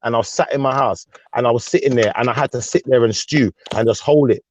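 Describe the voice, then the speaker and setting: A man's voice: mid-range voice, fast, a little hiss or hum. Angry ranting man. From Jamaican heritage, raised in UK. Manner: angry, ranting, swears freely. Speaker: panel host. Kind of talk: heated panel discussion.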